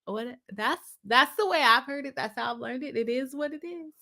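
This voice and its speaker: Young female lawyer-host, chatty livestream reading comments, bright tone, self-deprecating laughs. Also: sits high, moderate pace.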